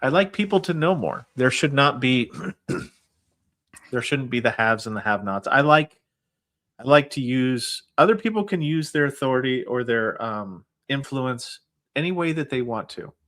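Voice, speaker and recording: A man's voice: mid-range voice, lively intonation, unhurried, fairly bright tone. A man who is a guest on a casual livestream, giving advice on veterans benefit claims. He explains things steadily and uses many fillers such as "I mean" and "like".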